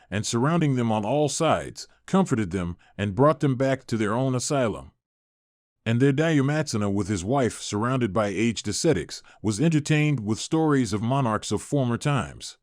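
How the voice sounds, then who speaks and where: A man's voice: mid-range voice, normal speed, no room sound. Man reading an epic, dry and close. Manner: steady, even recitation with formal old-fashioned wording. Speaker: audiobook narrator. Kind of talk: measured scripted reading of an epic.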